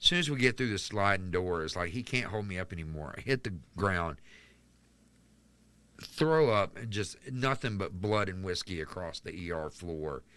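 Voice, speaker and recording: This podcast guest hails from Charlotte, North Carolina, in the US, and rambles candidly through his life story during a casual interview, saying "like" constantly. He has a deep, clear, resonant voice that's animated and a bit bright, at normal speed.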